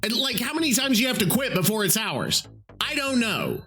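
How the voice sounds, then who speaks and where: A man's voice: extremely high pitch, huge pitch swings, moderate pace, pushed and bright, faint music behind. A man hosting a solo podcast, ranting in an exasperated, profane way. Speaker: podcast host.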